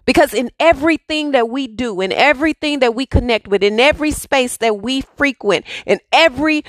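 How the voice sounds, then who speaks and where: High-voiced woman preaching spiritual encouragement. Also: animated, fairly quick. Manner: preachy, repetitive rhetorical questions. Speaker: spiritual speaker. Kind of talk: inspirational monologue.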